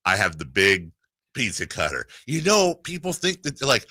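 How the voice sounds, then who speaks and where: Middle-aged guy on sports radio, bright sharp voice, rambly and laughing, dry studio sound. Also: a little high, very animated, moderate pace, dry recording. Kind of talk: casual chat.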